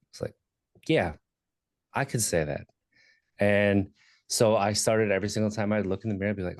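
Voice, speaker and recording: A man in his thirties speaks in a very low voice, candid and reflective, pausing on fillers as he tells his own story as a podcast guest. The recording is dry and close. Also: fairly even intonation, a little mellow, dry recording. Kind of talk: personal story in conversation.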